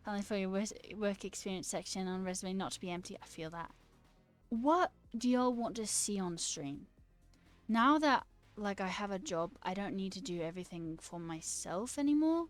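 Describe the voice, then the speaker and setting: Woman, casual livestream chat, talkative, laughs a lot, mid-pitched voice, soft music behind. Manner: chatty, laughs often, answers chat questions. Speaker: livestreamer and new software engineer.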